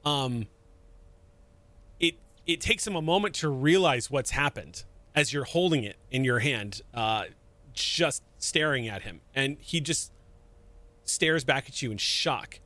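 A man narrating and running a tabletop game as game master, in calm, measured scene narration. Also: medium pitch, no echo.

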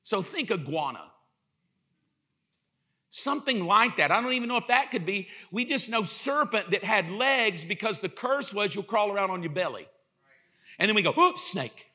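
A male pastor preaching a sermon in an animated, joking storyteller's way, acting out little quotes as he goes. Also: sits high, moderate pace.

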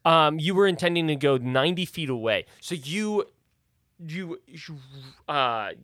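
Bright-voiced hesitant game master. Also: male voice, on the high side, expressive, unhurried. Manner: hesitant, lots of uh and um. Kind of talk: narrating a tabletop game.

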